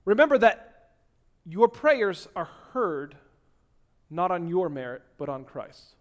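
A man preaching a sermon, dropping to hushed tones and then rising to loud, emphatic exhortation. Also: high voice, very animated, slow. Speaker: pastor.

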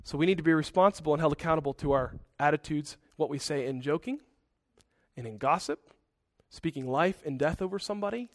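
In his sermon, a male pastor speaks earnestly at a brisk pace, adding conversational asides. The fairly high voice is recorded dry and near the mic, without echo.

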